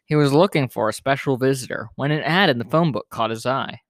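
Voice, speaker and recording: A man hosting a podcast, reading a children's picture book aloud in a relaxed, informal way with small self-corrections. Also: mid-range voice, a little fast, no echo, clean studio sound. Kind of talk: storybook read-aloud narration.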